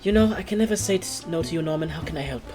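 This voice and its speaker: A man's voice: fairly high pitch, very fast, natural voice. A man voicing a proper, guarded senior woman librarian in a tabletop game, speaking politely and formally with a curt edge. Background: guitar music.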